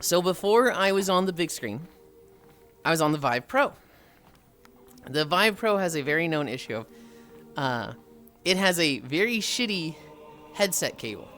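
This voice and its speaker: A man's voice: on the high side, expressive, a little slow, long pauses, a bit bright, faint music behind. A man livestreaming who reads and answers chat in a casual, profane way and tells stories with voiced impressions.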